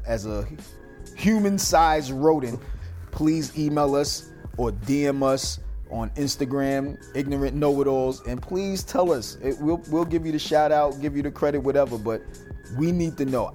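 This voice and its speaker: Loud, joking man co-hosting a radio show. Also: medium pitch, moderate pace, faint music behind. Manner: loud, laughing, crude joking. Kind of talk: casual banter on a radio show.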